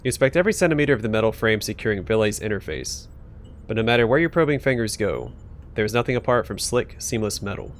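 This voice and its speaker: A man's voice: fairly low pitch, expressive, fast, a little hiss or hum. A man hosting a let's play, reading game text aloud and casually thinking aloud as he plays.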